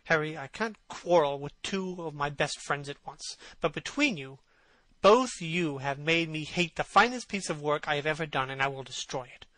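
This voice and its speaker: A man reading aloud, voicing an earnest, devoted painter who speaks gravely. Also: a little high, moderate pace, fairly bright tone, no room sound, lightly acted, low-quality recording. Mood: bitter.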